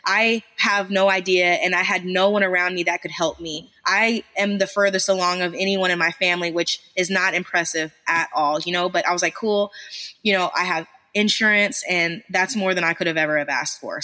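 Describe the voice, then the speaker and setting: A woman's voice: on the low side, fairly even intonation, brisk, sharp tone. A woman in her thirties, a business founder, telling her story in a casual podcast interview, candid and self-deprecating, swearing now and then.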